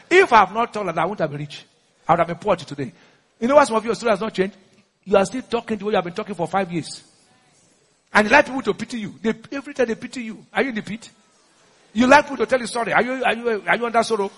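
A man's voice: high voice, expressive, fast, a bit bright, husky, long reverb tail. A man with a Nigerian accent preaching a sermon, urging the congregation to repeat lines and slipping into pidgin. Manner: exhorting, call-and-response, mixes pidgin.

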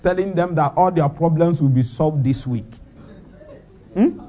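A man's voice: on the high side, a little slow, dark tone, a little hiss or hum. A man preaching a sermon, firing off rhetorical questions and breaking into laughter.

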